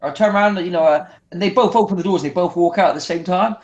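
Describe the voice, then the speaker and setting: A man with a high voice tells animated stories as a guest on a casual interview show. He often restarts his sentences and mimics other people as he goes. The sound is echoey, as if recorded in a bare room. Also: quick pace. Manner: animated, acts out voices in anecdotes, frequent restarts. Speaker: guest wrestler.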